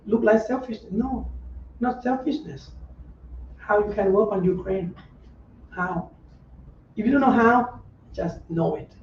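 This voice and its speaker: Middle-aged male monk, high mellow voice, gentle, plain-spoken dharma talk, distant and echoey. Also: measured pace, pauses often, a little hiss or hum. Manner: simple, repetitive phrasing with frequent rhetorical checks; gentle, conversational advice. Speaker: Buddhist monk teacher. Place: meditation center room. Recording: roomy echo, distant dull lo-fi mic.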